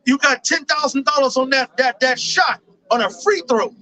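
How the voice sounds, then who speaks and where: A man's voice: very high voice, normal speed, bright, forceful tone, low-quality recording. A man teaching a Bible study in street slang, profane and playful, often telling the reader to go ahead.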